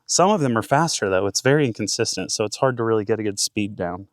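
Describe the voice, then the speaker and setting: A man in his thirties giving casual play-by-play of his own golf round outdoors, getting excited and talking to himself between shots. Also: on the low side, quick pace, no room sound, studio quality. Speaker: golf vlogger.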